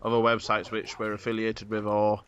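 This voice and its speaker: A man's voice: fairly low pitch, completely flat delivery, normal speed, a bit bright, lo-fi sound, slight background noise. A man hosting a casual podcast, rambling with many fillers. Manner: rambling, filler-heavy planning talk. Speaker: podcast host.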